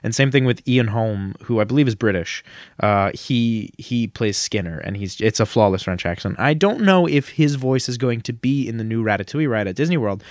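A man co-hosting a casual chat podcast, talkative and jokey, slipping into quick silly voices. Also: medium pitch, animated, no echo, clean studio sound. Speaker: podcast co-host.

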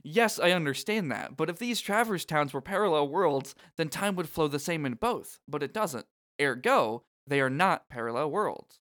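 A man's voice: fairly high pitch, expressive, moderate pace, a bit bright. A man co-hosting a casual podcast, recapping a video game scene by scene, joking and laughing often. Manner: joking, laughs often, reads lines aloud. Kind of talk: casual chat.

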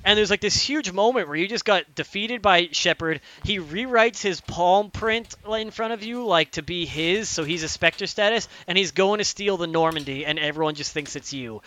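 A man's voice: high-pitched, moderate pace, hardly any pauses, bright, forceful tone. A young man in casual chat, ranting animatedly about a game's story with plenty of swearing and fillers. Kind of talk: casual chat, retelling a video game story.

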